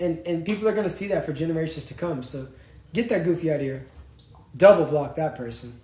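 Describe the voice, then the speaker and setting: A young man, co-hosting a casual live-stream chat in an animated, slangy way. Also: fast talker. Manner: animated, slangy, jumps from loud to low. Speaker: podcast co-host. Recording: roomy echo, faint noise.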